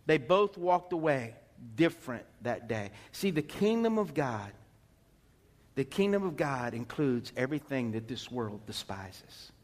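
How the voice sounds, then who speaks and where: A man's voice: medium pitch, big pitch swings, unhurried. A male pastor preaching a sermon, emphatic, peppering the congregation with rhetorical questions. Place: church sanctuary. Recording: long reverb in a church hall.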